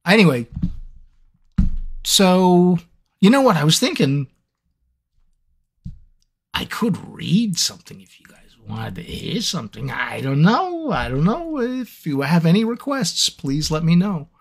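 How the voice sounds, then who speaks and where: A man's voice: sits high, very animated, a little slow, creaky, pauses often. A man, a voice actor, chatting casually with fans on a live Q&A, rambling and joking about his own scattered mind. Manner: rambling, scattered and self-mocking. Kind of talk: casual livestream chat. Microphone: seated at a microphone.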